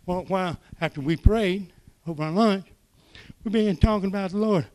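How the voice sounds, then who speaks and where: An older man preaching, telling folksy stories that swing from soft asides to loud exclamations. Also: sits high, normal speed. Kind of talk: sermon testimony.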